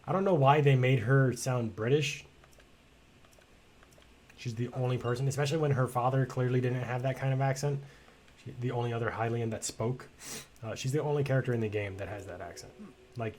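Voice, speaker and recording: A man's voice: medium pitch, darkish tone, a little hiss or hum. Male streamer, casual let's-play commentary, blunt and rambling, swears a lot. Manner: chatty and blunt, swears freely, rambling asides. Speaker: game streamer.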